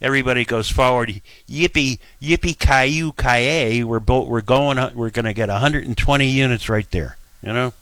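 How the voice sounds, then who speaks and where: A man hosting a call-in radio show, brisk and jokey as he chats with callers. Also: mid-range voice, steady tone, a bit bright, no room sound. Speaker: radio talk show host.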